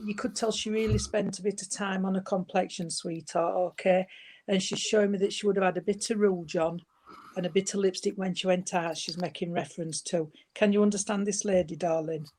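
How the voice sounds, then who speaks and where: A woman medium giving a gentle, chatty spirit reading, calling her listener sweetheart and darling. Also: mid-range voice.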